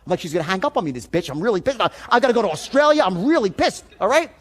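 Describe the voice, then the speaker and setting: Sales trainer, male, higher voice, acts out the story at full volume, lots of swearing. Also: racing. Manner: animated, profane, often shouting while acting out the story. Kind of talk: storytelling seminar talk.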